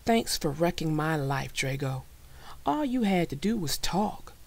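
A woman voicing an excitable, boastful young boy who shouts a lot. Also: sits low, a little slow, gravelly, heavily acted. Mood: sulky.

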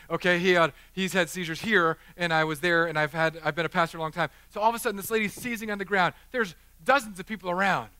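Middle-aged male pastor, funny and animated, preaching with a forceful, bright tone. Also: a little high, dry recording. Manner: animated, joking, acts out the people in his stories. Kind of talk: sermon with storytelling. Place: church chapel.

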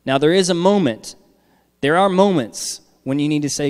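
A man's voice: on the high side, lively intonation, moderate pace, darkish tone, smooth, in a large hall. A man giving a sermon as pastor, talking conversationally and checking in with the congregation with frequent "all right?".

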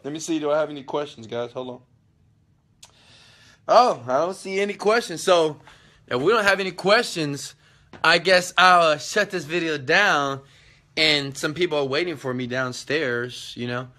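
A man's voice: medium pitch, fairly bright tone. Chatty man live-streaming from a hotel room. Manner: loose and chatty, hype-driven. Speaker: online business coach. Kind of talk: casual live-stream chat. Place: hotel suite indoors.

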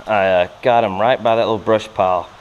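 Filming himself bass fishing outdoors by a creek under a bridge, a man exclaims excitedly at every catch and laughs a lot. He talks a little fast, and the lo-fi outdoor camera audio is noisy.

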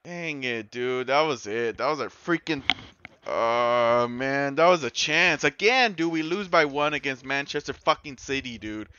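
A man commentating his own football video game as he plays, excitable and swearing, yelling at his players and groaning at their mistakes. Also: medium pitch, measured pace, dull audio. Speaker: gaming YouTuber. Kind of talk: live gameplay commentary.

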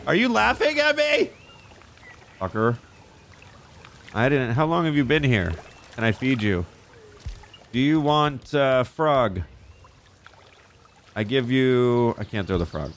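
A man giving excitable, profane, joking gameplay commentary, talking back at characters on screen. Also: medium pitch, a little slow, long pauses. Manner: excitable, profane, jokey, talks to game characters. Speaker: gaming YouTuber.

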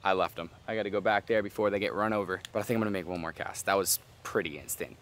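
A man's voice: deep voice, fast, fairly bright tone, a little hiss or hum. A young man vlogging a fishing trip outdoors by a canal, talking to an action camera and exclaiming often. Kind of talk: excited outdoor fishing vlog.

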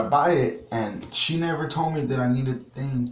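A man's voice: mid-range voice, a little fast. A man ranting in a casual product review vlog, profane and exasperated, rambling as he talks. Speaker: vlogger. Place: small home bathroom. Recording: echoey bathroom with background noise.

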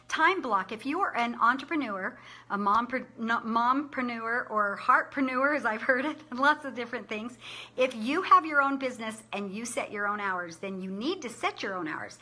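A woman's voice: a little high, expressive, normal speed, sharp tone. A middle-aged woman sharing conference takeaways in a chatty, upbeat way, laughing often. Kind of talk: casual talk to camera.

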